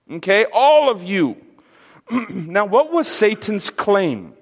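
Slow, emphatic preacher man in a hall. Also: high voice, fairly bright tone. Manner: slow, emphatic teaching with questions to the audience. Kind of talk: sermon.

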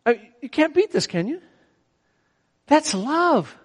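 A man's voice: very high voice, slow, long reverb tail. A middle-aged man preaching a sermon in a conversational way, often asking his listeners questions. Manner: animated, conversational, asks the audience questions.

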